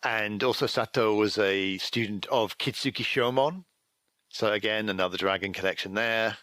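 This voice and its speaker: A man's voice: fairly low pitch, moderate pace, fairly bright tone, no echo. A man co-hosting a podcast, musing wryly about game fiction and acting out characters' lines for fun. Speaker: podcast co-host.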